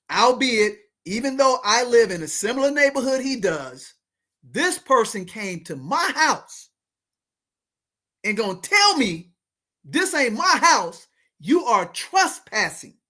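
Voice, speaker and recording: A woman in her fifties hosting a podcast, telling a story dramatically and calling out to the audience. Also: mid-range voice. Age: 50s. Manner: dramatic, addresses listeners as ladies and gentlemen. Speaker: show host.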